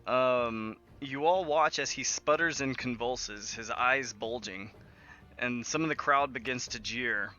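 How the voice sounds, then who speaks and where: Casual male game master, bright voice. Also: mid-range voice, unhurried, lo-fi sound. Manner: casual, laughing, with filler-heavy narration. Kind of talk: narrating a tabletop game. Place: online voice call.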